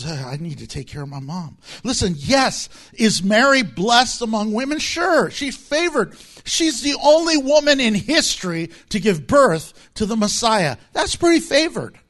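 Male pastor, middle-aged, lively sermon delivery, higher-pitched voice, acts out quotes. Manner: animated preaching with acted-out quotes and laughter.

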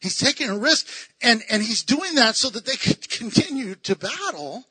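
A man teaching a Bible passage in a lively, excitable way, laughing often and acting out the voices he quotes. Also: extremely high pitch, normal speed, husky, no room sound. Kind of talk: animated Bible study teaching.

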